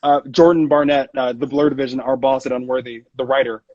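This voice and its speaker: A man's voice: medium pitch, little pitch movement, fairly quick, darkish tone, no echo, dull audio. A man, a voice actor, chatting playfully and poking fun at himself in an interview over a video call; his voice is a little scratchy. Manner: playful and self-mocking. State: slightly scratchy voice. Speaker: voice actor guest. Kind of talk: casual interview chat.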